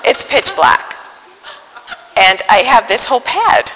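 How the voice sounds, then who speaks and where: Bright-voiced woman telling a story. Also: a little high, big-room sound, low-quality recording. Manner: animated, self-deprecating, halting restarts. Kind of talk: personal storytelling to an audience.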